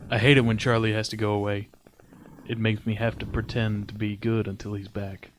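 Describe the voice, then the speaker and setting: Guy w a lower voice reading a spooky story plain and kinda flat, little hiss behind. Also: brisk, rough recording. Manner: crude joking, reads flatly with stumbles. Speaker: podcast co-host reading a horror story. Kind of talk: casual chat and read-aloud story.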